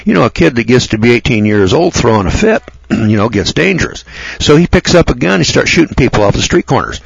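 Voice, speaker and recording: A man rambles through a blunt, mocking, opinionated monologue and repeats his words. His voice is husky and the recording is dry. The sound is dull and lo-fi. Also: mid-range voice, sing-song, a little fast, dry recording.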